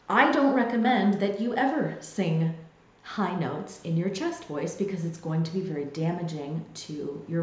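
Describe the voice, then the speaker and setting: A woman vocal coach explaining singing technique in a clear, teaching manner, with sung demonstrations. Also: on the low side, a little mellow. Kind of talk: singing lesson to camera. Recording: very echoey room.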